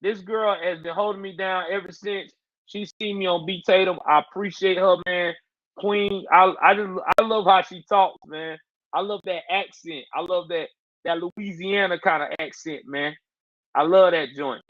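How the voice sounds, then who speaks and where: A man's voice: high voice, steady tone, normal speed, a bit bright, no room sound, dull audio. A man hosting a casual livestream, talking in loose slang and answering his viewers' chat. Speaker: livestream host.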